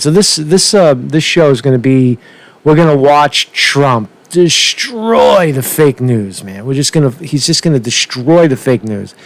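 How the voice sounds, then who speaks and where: A man with a creaky, medium-pitched voice rants as a political vlogger, sharing opinions casually and loosely. He swears a lot and keeps starting his sentences over.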